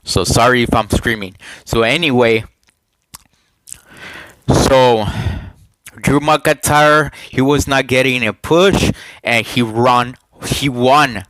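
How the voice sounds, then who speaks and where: A man recording a casual vlog on a headset, talking in a halting way, repeating himself and asking viewers questions. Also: medium pitch, fairly bright tone, no room sound, poor audio. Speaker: YouTuber giving wrestling predictions.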